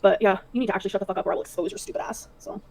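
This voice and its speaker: A woman streamer talks very fast in a mellow, darker voice. She reads messages aloud in casual livestream talk, and her voice is played from a livestream clip. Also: medium pitch. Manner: rapid, reading messages aloud.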